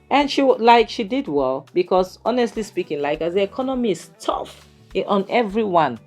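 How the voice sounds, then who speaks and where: A woman's voice: mid-range voice, big pitch swings, normal speed, few pauses, darkish tone, soft background music. Chatty Nigerian woman reviewing a series. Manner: chatty, lots of "you know" and "to her it was more like". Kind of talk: casual video commentary.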